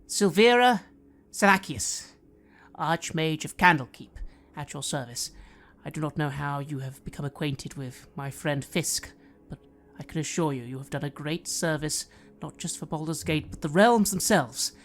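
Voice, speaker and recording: A game master voicing a middle-aged tiefling archmage woman who speaks in a measured, courteous and commanding way. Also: medium pitch, a bit bright, natural voice. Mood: formal.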